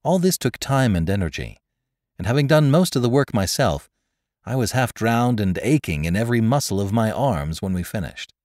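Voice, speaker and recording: A man narrating an adventure story in a dramatic storytelling manner, dropping low and quiet for dialogue. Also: sing-song, normal speed, no room sound, clean studio sound. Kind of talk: scripted narration.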